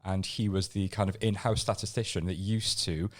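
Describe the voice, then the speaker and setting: A man in his forties, a podcast guest telling stories and talking about his career in a relaxed way. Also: deep voice, normal speed. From Wales. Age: 40s. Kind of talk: casual podcast interview.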